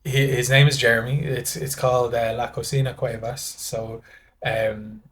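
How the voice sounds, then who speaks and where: A man's voice: medium pitch, level tone, normal speed, a bit bright, a little hiss or hum. A man with a Dublin Irish accent, a guest in casual podcast chat, rambling through stories full of restarts and acted-out dialogue. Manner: rambling storyteller acting out dialogue, many restarts.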